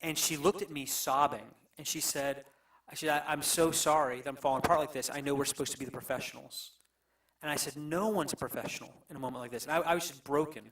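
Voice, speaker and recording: Halting, emotional male pastor, distant mic. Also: a little high, fairly even intonation, fairly bright tone. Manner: halting, emotional, many restarts. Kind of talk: storytelling on a panel. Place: church.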